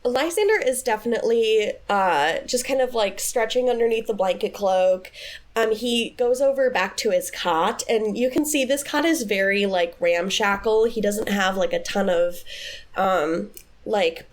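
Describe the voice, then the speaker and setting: A woman's voice: mid-range voice, unhurried. A woman playing a tabletop role-playing game, describing her character's actions with many likes and ums. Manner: hesitant, full of likes and ums, laughing. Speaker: player.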